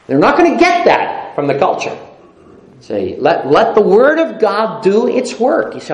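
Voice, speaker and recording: A man's voice: sits high, huge pitch swings, unhurried, long pauses. A middle-aged man preaching a sermon, emphatic, repeating phrases and laughing often. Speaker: pastor. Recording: echoey room.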